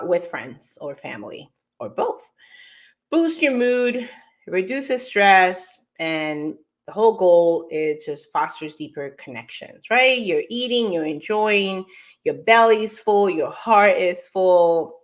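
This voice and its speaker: Female host from New York, upbeat and self-deprecating, loose chatty delivery. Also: mid-range voice. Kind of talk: casual live show chat.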